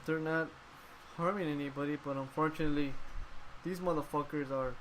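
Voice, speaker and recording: A man's voice: fairly high pitch, fairly even intonation, a little fast, fairly bright tone, a little hiss or hum, low-quality recording. A man hosting a casual podcast chat, ranting in a heated, profane way. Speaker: podcast host.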